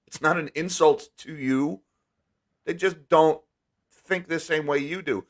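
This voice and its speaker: A man's voice: a little high, a little slow. Candid, emphatic man hosting a live stream. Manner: candid, emphatic, often restarts words. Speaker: host. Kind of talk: casual live-stream chat.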